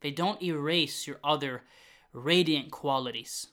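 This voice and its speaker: Earnest and unhurried, a podcast host with a high, bright voice delivers motivational talk, hyping himself up through repetition. Occasionally his delivery turns loud and fired up.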